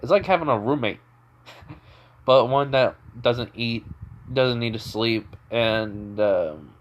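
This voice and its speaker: Brief: a man doing a brash teen boy ninja, cocky and offhand, mid-pitched, barely a put-on voice, fan storybook telling. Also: slow pace, lo-fi sound, natural voice. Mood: casual. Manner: cocky, offhand, tough-talking.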